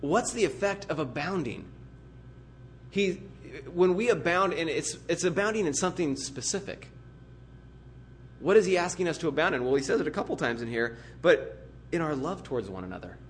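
Earnest, higher-voiced man preaching a sermon. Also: expressive, moderate pace, a little hiss or hum. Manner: earnest, emphatic, builds vivid everyday illustrations. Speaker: pastor. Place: church.

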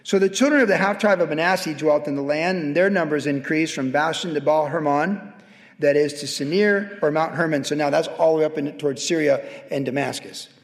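In a church sanctuary with long hall reverb, a middle-aged man preaches in a slightly high, brisk voice. This pastor's talk begins conversationally before swelling into an emphatic exhortation.

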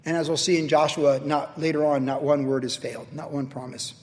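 A male pastor giving a verse-by-verse sermon in a conversational, animated way, often checking in with "right?". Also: on the high side, brisk. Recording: long hall reverb.

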